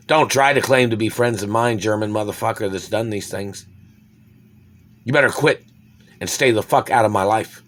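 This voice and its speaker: A man delivering an angry, swearing monologue, repeating accusations and swinging between shouting and low muttering. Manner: furious, swearing, repetitive accusations. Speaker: vlogger.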